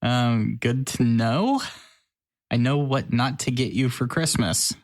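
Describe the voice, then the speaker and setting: A man co-hosting a podcast in casual chat, relaxed and teasing. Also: medium pitch, slow. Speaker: podcast co-host.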